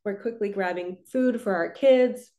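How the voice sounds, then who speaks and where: A woman, a spiritual coach, giving a relaxed, chatty card reading and talking her listeners through slow belly breathing. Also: mid-range voice. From New Jersey. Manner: relaxed, chatty, reassuring, lots of "like" and "so".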